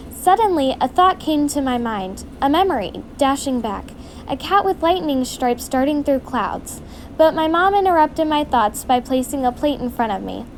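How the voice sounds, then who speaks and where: A woman reading her own storybook aloud in an earnest, steady way. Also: high-pitched, moderate pace, a little hiss or hum.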